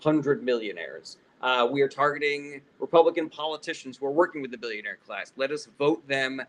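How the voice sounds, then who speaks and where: A man's voice: mid-range voice, expressive, brisk, low-quality recording. A man hosting a casual political livestream Q&A, reading out viewer questions and answering bluntly with plenty of profanity.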